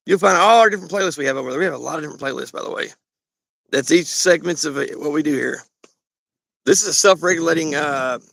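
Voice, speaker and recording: A man's voice: high-pitched, gravelly, bright, forceful tone, no echo. A man with a Southern Kentucky accent hosting a garage channel, rambling and swearing in a joking way as he shows off his truck. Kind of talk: casual garage walkthrough.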